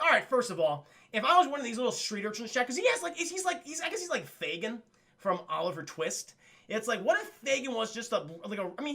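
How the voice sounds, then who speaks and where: Loud sweary guy doing a cartoon review for chat, gravelly, all over the place. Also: sits high. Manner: animated, keeps addressing chat, swears a lot. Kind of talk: profane casual live-stream commentary.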